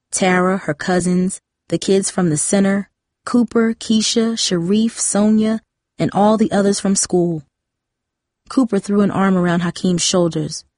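Audiobook narrator, woman, measured and dramatic, lowish, dry. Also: darkish tone, no echo.

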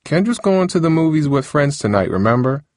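A tired, busy young aunt talks quickly and plainly, as a male narrator puts her on. The voice sits high above his own deep register. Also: very animated, a little mellow, no room sound, studio quality. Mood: weary. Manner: raised pitch, tired and brisk. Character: weary young aunt, hair stylist, caring for baby.

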